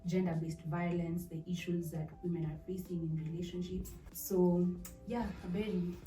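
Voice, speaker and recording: A chatty young woman from Kenya hosts a relaxed talk, her voice sitting a little low. She sounds set back from the mic in an echoey room, with soft music faintly underneath. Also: normal speed, distant mic. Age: 20s. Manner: chatty, laughs often, asks questions. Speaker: podcast host. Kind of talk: casual chat.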